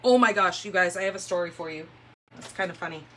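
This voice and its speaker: A woman's voice: lowish voice, fast, a bit bright, slight background noise. A woman from California hosting a crafting livestream from a room at home, chatting casually and telling rambling stories while she works. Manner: chatty, rambling storyteller who laughs easily. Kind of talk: casual chat while demonstrating paper crafts.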